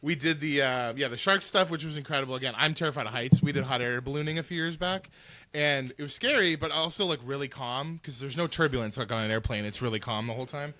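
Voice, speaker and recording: A man's voice: mid-range voice, fast talker, no room sound. A man co-hosting a podcast in casual chat, telling rambling stories with lots of "like" fillers. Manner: animated rambling storyteller, many filler likes. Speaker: podcast co-host.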